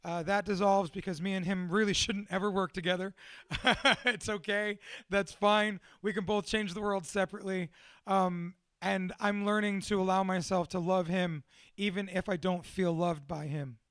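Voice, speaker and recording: A young man with a high, forceful voice speaks candidly to a small audience about his past. He swears freely, mocks himself and laughs often. The sound is dry and close, with no room echo. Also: little pitch movement, moderate pace. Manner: profane, self-deprecating, laughs often. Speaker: motivational speaker.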